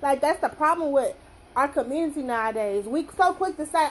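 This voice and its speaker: A woman's voice: high voice, animated, fairly quick, low-quality recording. A young woman giving a blunt, profane opinion rant to camera, repeating herself for emphasis. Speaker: vlogger.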